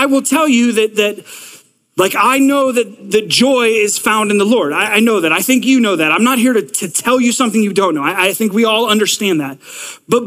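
A man in his thirties preaching a sermon to a congregation, energetic and conversational, often repeating words and restarting sentences. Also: high-pitched. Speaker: pastor. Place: large church hall with long reverb. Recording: long hall reverb.

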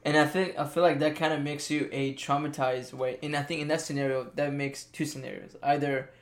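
A man's voice: on the high side, fairly even intonation, a little fast, a little hiss or hum. A young man co-hosting a casual podcast, reasoning loosely with many restarts. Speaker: podcast co-host. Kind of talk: casual chat.

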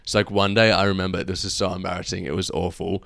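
A man's voice: low voice, flat delivery, fast, creaky, fairly bright tone, no room sound, clean studio sound. A young man co-hosting a casual podcast, telling self-mocking stories. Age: young adult. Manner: storytelling, self-mocking, laughs often. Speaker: podcast co-host. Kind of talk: casual chat.

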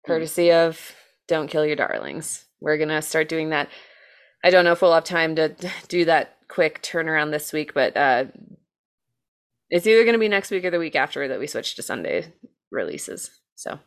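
Chatty American woman with a lowish voice. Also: normal speed. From United States. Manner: chatty, filler-heavy, self-deprecating, swears casually. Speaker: podcast co-host telling a true-crime case. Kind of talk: casual chat.

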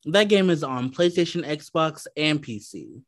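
A man co-hosting a podcast, ranting in casual chat with lots of swearing and animated outbursts. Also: a little high, unhurried, dry recording, clean studio sound. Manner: profane, animated rants. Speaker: podcast co-host.

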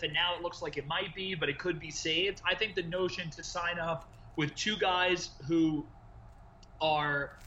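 A podcast co-host in casual sports talk, restarting sentences and filling them with "like". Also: mid-range voice. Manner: stammering restarts, many fillers of "like". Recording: muffled and roomy with faint background noise.

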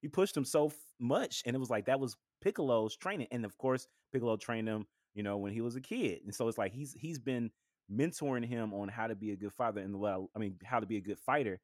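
A man co-hosting a podcast in casual chat, animated and laughing often. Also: medium pitch, fast, no room sound, clean studio sound. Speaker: podcast co-host.

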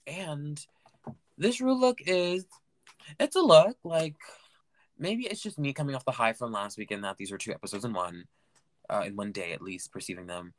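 A man hosting a solo recap podcast, talking in a campy, chatty way that swings between loud gushing and mumbled asides. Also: mid-range voice, normal speed, dry recording. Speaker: podcast host.

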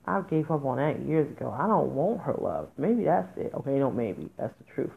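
A woman's voice: very deep voice, very animated, moderate pace, gravelly. A woman hosting a podcast, talking candidly and emotionally, with raw, emphatic outbursts in informal speech. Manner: informal, speaks in dialect. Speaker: podcast host. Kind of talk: emotional personal monologue. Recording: tinny phone-like audio.

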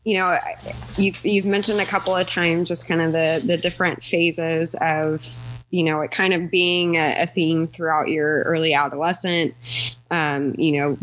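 Woman interviewer, low voice, rambly questions, lots of um and you know. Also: fairly bright tone, low-quality recording. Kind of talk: casual interview.

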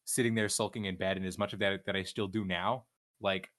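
A man's voice: low-pitched, fairly even intonation, fairly quick, fairly bright tone. A young man in casual chat, candid and profane, rambling with frequent restarts. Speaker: streamer guest.

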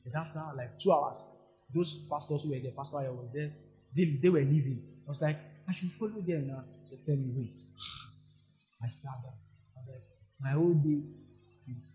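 A man with a Nigerian accent preaching a sermon, telling personal stories and swinging from soft asides to loud exclamations. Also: mid-range voice, normal speed, faint music behind. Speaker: pastor.

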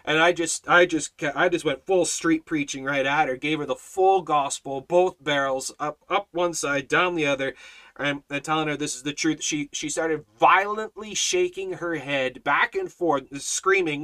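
A man leads a Bible study in a bright, forceful voice set a little high for a man. He speaks emphatically and stacks repeated phrases for effect. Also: animated, normal speed. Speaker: Bible teacher.

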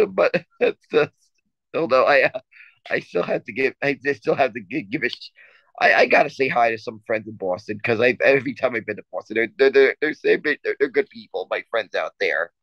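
A man chats casually on a sports podcast and trips over his words, repeating himself before he gets to the point. His voice sits at an ordinary pitch. It is recorded close and dry, with a slightly dull, muffled sound. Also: expressive, a little fast, gravelly, fairly bright tone, no echo. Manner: rambling storyteller with many restarts and stammers. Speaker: podcast co-host.

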